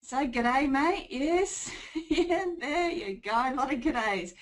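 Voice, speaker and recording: A woman's voice: sits high, animated, slow pace, rough recording. Upbeat New Zealand woman presenting. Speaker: consulting trainer. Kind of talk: webinar presentation.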